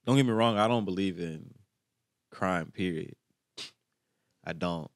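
Reaction commentator, low voice, dry sound, slangy and reflective, throaty at times. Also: male voice, a little slow, no echo. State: clearing his throat often.

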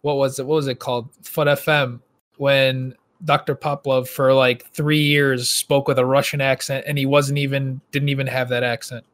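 A man co-hosting a gaming podcast, chatting casually and telling stories with animated asides. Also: medium pitch, moderate pace. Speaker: podcast co-host.

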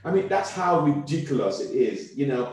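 Nigerian-born male comic guest, brisk and lively, recorded in a very echoey room. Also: mid-range voice. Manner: quick, animated, repeats words while thinking. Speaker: guest comedian. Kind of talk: casual interview chat.

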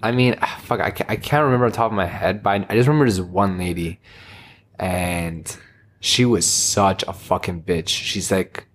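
A man's voice: normal speed, a little hiss or hum. A young man, talking bluntly and swearing while he recounts a difficult customer. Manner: blunt, swears, low-key reactions. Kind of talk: casual chat.

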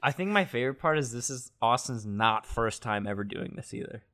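A man's voice: medium pitch, lively intonation, fairly quick, a bit bright. A young man in his twenties, a podcast co-host, chatting casually and steering the talk to new topics. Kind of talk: casual chat.

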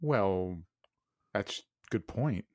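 A man hosts a quiz-style comedy podcast segment, teasing his co-host and laughing easily. His pitch swings widely in animated speech. The recording is close and dry with no room sound. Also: very slow, no room sound. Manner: teasing, laughs often, quizzes the other host. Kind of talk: joking banter.

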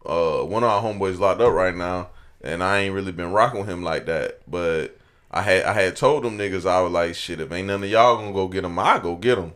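A man's voice: deep voice, brisk, fairly bright tone. A young man speaking in a laid-back way, telling stories and asking the group questions. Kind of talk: casual chat, storytelling.

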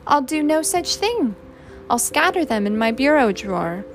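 A woman's voice: high-pitched, big pitch swings, normal speed, slight background noise, voice pushed up. A woman voicing a sassy, wisecracking teenage girl in a storybook reading. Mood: defiant. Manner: flippant, wisecracking.

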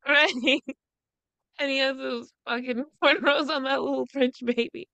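A woman's voice: high-pitched, fairly even intonation, unhurried, vocal fry, sharp tone, no echo, lo-fi sound. A woman co-hosting a casual gossip podcast, mocking and profane, laughing often. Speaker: podcast co-host.

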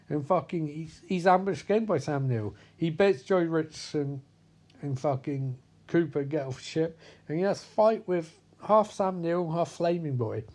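A man's voice: mid-range voice, warm tone. A man giving a rambling, profanity-heavy comedic recap of a film, often losing track of character names.

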